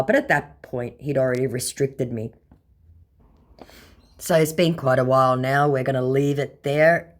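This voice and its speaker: A woman's voice: very deep voice, expressive, brisk. A woman hosting a scambaiting channel, talking casually and bluntly with sarcasm while reading out chat exchanges.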